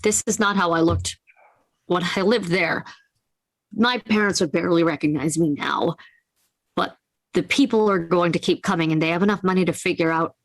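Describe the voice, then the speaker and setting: A woman playing her character in a live tabletop game, quick, wry and emphatic. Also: lowish voice, no echo. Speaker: player. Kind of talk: casual in-character play.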